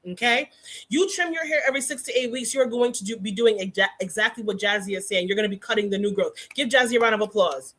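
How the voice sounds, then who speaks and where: A woman hosting a casual hair care livestream, teaching and teasing viewers by name in an animated way. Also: medium pitch, fast talker.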